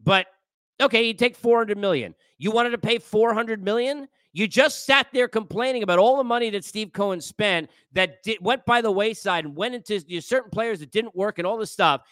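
A man's voice: high-pitched, a little fast, a bit bright, clear, resonant tone, dry recording. A man hosting a sports podcast, delivering an exasperated, lecturing rant that scolds his listeners. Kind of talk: ranting sports commentary.

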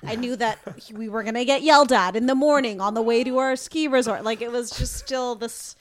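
A woman's voice: on the high side, fairly quick, slight background noise. A woman co-hosting a podcast in casual chat, recalling a trip with some hesitant restarts. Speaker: podcast co-host.

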